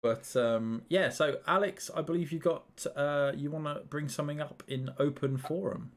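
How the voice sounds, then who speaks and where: Chatty British host, easygoing. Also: male voice, on the high side, moderate pace. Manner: easygoing, chatty, lots of ums. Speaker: podcast host. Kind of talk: casual gaming podcast chat.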